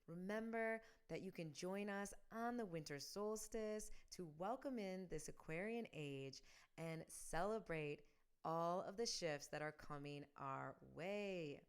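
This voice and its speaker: A woman's voice: fairly low pitch, measured pace, smooth. A woman hosting a spiritual podcast, speaking with enthusiasm and affirmation as she leads listeners through rituals and repeated affirmations. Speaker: podcast host.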